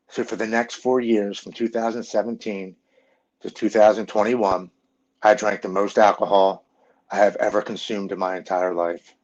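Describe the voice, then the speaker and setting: A man in his forties telling his personal story in an earnest, emotional way, often halting and restarting. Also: fairly low pitch, little pitch movement, a little mellow, lo-fi sound.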